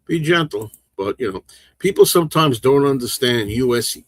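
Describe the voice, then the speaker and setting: A livestream host in his sixties from a big northeastern US city chats casually with his live chat, talking fast, passionately, and ramblingly with many restarts. His mid-range voice has lively intonation, and there's no room sound.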